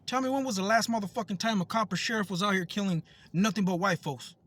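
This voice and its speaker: A high-pitched man from the United States vents straight to camera in a heated vlog rant. He swears freely and hammers the same phrases again and again. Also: fast talker, a bit bright. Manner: heated, profane, repetitive. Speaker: vlogger.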